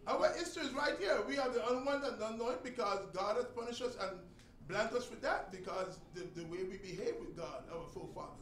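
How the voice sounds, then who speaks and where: Animated and fast, a congregation teacher delivers a sermon lesson in a high, bright voice that swings between hard, loud emphasis and quiet low passages. He sounds far from the microphone in a roomy, echoey space, faint background noise beneath him.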